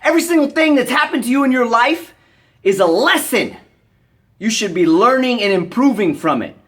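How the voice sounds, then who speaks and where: An American vlogger delivering an angry rant to the camera, blunt and profane, scolding the viewer with bursts of shouting. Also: mid-range voice, lively intonation, normal speed.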